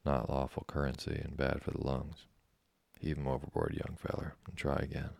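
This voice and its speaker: Man doing old fishing captain, dry, folksy, plainspoken, gravelly, husky. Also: extremely low pitch, completely flat delivery, normal speed, darkish tone, no room sound, exaggerated voice.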